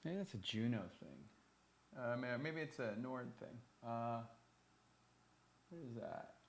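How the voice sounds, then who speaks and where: A man's voice: medium pitch, animated, a little slow, a little hiss or hum. A man streaming a live music jam, chatting casually with his viewers and muttering to himself as he fiddles with cables and keyboards in a home studio. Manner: rambling, muttering to himself while fiddling with gear; chats with viewers, self-deprecating. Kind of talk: casual livestream chat.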